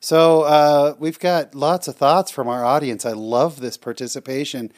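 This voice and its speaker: A man's voice: on the high side, steady tone, unhurried. A man co-hosting a podcast, chatting casually and reading out listener comments with effusive, heartfelt reactions. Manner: warm, effusive, reads comments aloud. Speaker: podcast co-host.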